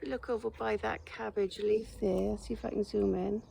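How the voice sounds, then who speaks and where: A woman's voice: steady tone, normal speed, vocal fry, mellow, a little hiss or hum. A woman chatting casually to her geese and the camera while working outdoors in a garden, filmed on a phone. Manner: chatty, teasing the geese in a high singsong. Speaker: smallholder vlogger. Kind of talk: casual chat to animals and camera. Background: geese honking.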